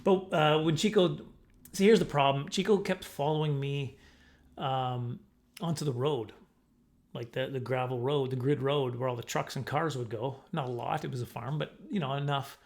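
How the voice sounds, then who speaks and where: A man's voice: medium pitch, fairly even intonation, normal speed. A man telling a rambling, self-mocking comic story about his childhood, often acting out the voices of the people in it. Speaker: comedian telling a personal story. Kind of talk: casual storytelling monologue.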